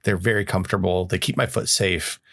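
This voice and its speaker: A man's voice: low voice, fairly even intonation, a little fast, vocal fry, fairly bright tone. A man co-hosting a podcast in casual chat, explaining his points with examples and frequent restarts. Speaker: podcast co-host.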